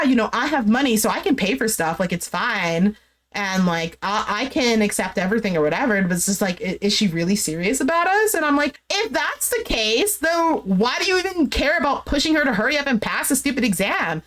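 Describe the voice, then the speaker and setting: A woman's voice: a little high, a bit bright. A woman giving a casual, opinionated recap of a dating show, talking animatedly and filling her speech with "like". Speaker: recap host.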